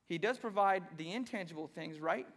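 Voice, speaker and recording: A high-pitched male pastor preaches in an animated, conversational way and slips into sarcastic asides. His voice rings out with a long reverb, as if it fills a big church sanctuary. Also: normal speed. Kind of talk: sermon. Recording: long reverb of a large hall.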